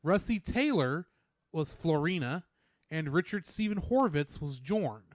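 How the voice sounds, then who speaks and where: A man's voice: on the high side, sing-song, no room sound, studio quality. A man co-hosting a podcast, reading out trivia and chatting casually in a playful way. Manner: reads out trivia, playful and quick-witted. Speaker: podcast co-host. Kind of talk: casual chat.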